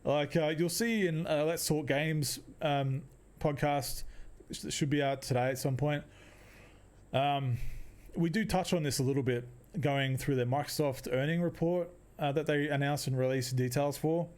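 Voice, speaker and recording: A man's voice: a little high, fairly even intonation, moderate pace, darkish tone. A young man hosting a casual solo podcast, rambling, laughing often and restarting his sentences. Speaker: podcast host.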